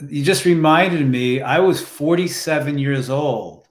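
Man, slow deliberate talker, emotional personal story, echoey room. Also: on the high side. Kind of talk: casual conversation, personal story. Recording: roomy echo.

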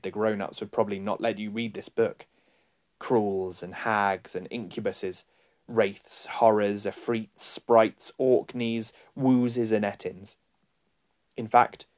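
A man reading a storybook aloud in a slow, deliberate and dramatic narration. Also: on the low side, darkish tone. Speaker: audiobook narrator.

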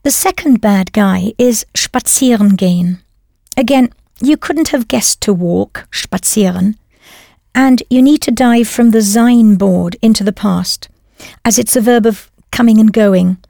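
In a dry, clean studio recording, a female language teacher narrates a scripted lesson, patiently prompting the learner before confirming each answer. She has a slightly high voice with vocal fry and a dark tone, and speaks a little slowly.

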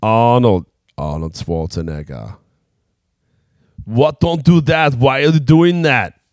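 A man's voice: fairly low pitch, no room sound, clean studio sound. A man co-hosting a podcast in a rambling, playful, jokey casual chat. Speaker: podcast co-host.

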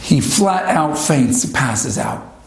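A man's voice: expressive, slow pace, echoey room, rough recording. A man telling a dramatic story, acting out the voices of the people in it. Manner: dramatic, shifting pace and pitch for characters. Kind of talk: spoken storytelling with acted quotes.

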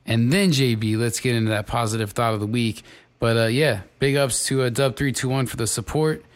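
A man hosting a radio show in casual chat, upbeat and giving shout-outs. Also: medium pitch, steady tone, fairly quick.

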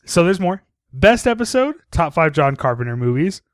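A man's voice: a little high, very animated, moderate pace, dry recording. A young man hosting a casual horror podcast, goofy and laughing at himself. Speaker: podcast host.

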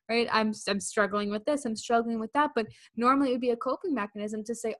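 Chatty higher-voiced woman podcast co-host. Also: quick pace, a bit bright. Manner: chatty, acts out quoted inner voices. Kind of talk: casual podcast chat.

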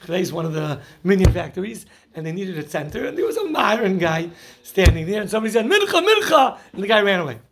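High-voiced husky rabbi giving a class. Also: male voice, fast talker. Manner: animated storyteller who laughs at his own jokes; mixes Hebrew and Yiddish terms into English. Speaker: rabbi teaching a Torah class. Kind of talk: Torah class lecture with jokes.

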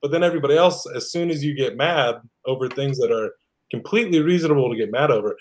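A man's voice: mid-range voice, quick pace. A blunt man, a co-host, in casual chat who laughs often.

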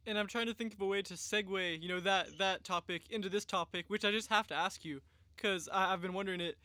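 A man hosting a student sports podcast, asking questions in a casual, chatty way. He talks quickly, and his voice is high and bright. The sound is dry, with no room around it. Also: no echo. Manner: chatty, casual, laughs easily. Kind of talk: podcast interview.

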